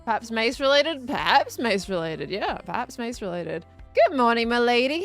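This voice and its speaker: An Australian woman in her thirties hosts a live game stream, chatting easily and reading viewer comments aloud between bits of play. Her voice sits a little high for a woman, and faint game music plays softly behind her. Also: big pitch swings, moderate pace. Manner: chatty, greets viewers and reads chat aloud, frequent laughs. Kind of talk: casual live-stream chat while playing.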